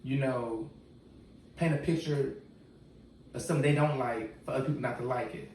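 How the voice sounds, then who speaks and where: A man's voice: medium pitch, moderate pace, darkish tone. Candid man in an echoey room. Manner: candid, talks in casual slang. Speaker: podcast guest. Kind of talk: casual podcast conversation. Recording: echoey room, distant mic, faint noise.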